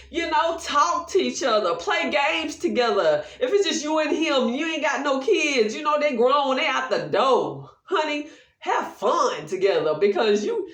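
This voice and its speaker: A middle-aged woman talks casually to camera. Her voice sits high and swings widely in pitch as she jokes and acts out what people say. The sound is echoey, and she is a little way back from the mic. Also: far from the mic. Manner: animated and playful, acting out quotes and laughing often. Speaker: vlogger. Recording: echoey room, voice a bit off mic.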